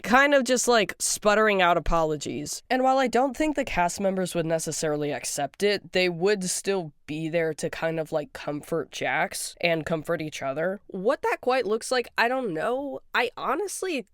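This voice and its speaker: A fan rambling casually about a cartoon, excitable and giggly, often breaking into laughter. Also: medium pitch, normal speed, hardly any pauses, smooth, dry recording, clean studio sound. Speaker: fan commentator.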